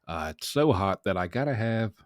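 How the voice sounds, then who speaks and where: A deep-voiced man rambles through a casual morning podcast from a small room at home. His talk is chatty and self-correcting, and the sound is close and dry with no room ring. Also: lively intonation, moderate pace, no echo. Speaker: podcast host. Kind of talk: casual chat.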